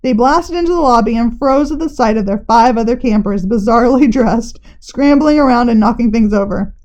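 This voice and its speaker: A woman reading a children's novel aloud in a lively storybook manner, briefly putting on character voices. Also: a little high, a little fast.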